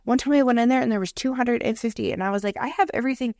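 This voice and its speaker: Gravelly-voiced woman, swearing storyteller. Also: a little high, racing, no echo, clean studio sound. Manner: animated, profane storytelling. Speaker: podcast co-host. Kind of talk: casual chat.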